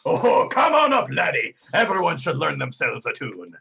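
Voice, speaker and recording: A man voicing a jolly old male tavern musician, booming and hearty. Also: wildly swooping pitch, normal speed, vocal fry, pushed and bright, husky, lo-fi sound, full character voice.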